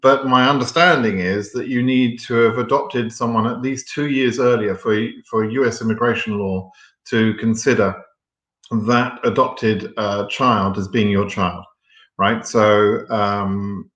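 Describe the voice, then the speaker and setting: Guy with a lowish voice doing a live q&a, blunt and frank, lots of ums, echoey room. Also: fairly even intonation, unhurried, fairly bright tone. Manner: frank and blunt, reads viewer questions aloud then answers; many ums and restarts. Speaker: host answering viewer questions. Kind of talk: live Q&A stream.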